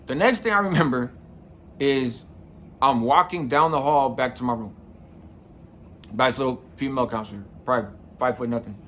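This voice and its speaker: A man's voice: on the high side, a bit bright, slight background noise. Middle-aged man telling a story casually. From San Mateo County, California. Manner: casual, conversational, often adds "right?". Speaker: podcast host. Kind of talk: personal storytelling.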